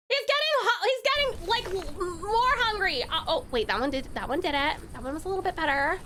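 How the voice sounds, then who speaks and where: A woman's voice: very high-pitched, animated, brisk, hardly any pauses, bright, forceful tone, slight background noise. A young woman streaming a game, chatting with her viewers, giggling often and swearing freely. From Tasmania, Australia. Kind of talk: casual game-stream commentary.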